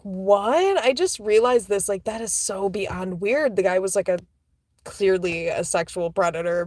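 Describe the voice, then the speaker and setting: With a medium-pitched voice and no echo, a woman shares laid-back story anecdotes full of "like" fillers. She laughs, curses, and occasionally slips into quiet, breathy asides.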